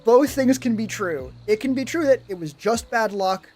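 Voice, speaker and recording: High-voiced profane streamer. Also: male voice, moderate pace, soft background music. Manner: profane, animated, rambling, reading chat. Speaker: streamer giving tabletop game advice. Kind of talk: casual live-stream chat.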